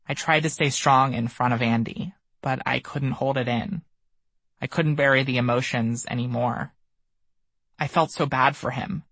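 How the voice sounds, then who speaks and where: A man reading his own memoir aloud as an audiobook, measured and somber. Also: medium pitch, steady tone, gravelly, a bit bright, dry recording. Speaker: memoir narrator. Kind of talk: audiobook narration.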